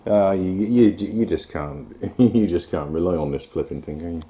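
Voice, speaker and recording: Low mellow guy vlogging, rambly chatty commentary, lots of uh and um. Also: moderate pace. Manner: rambling, talks to himself and the viewer with fillers and chuckles. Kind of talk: casual self-filmed commentary.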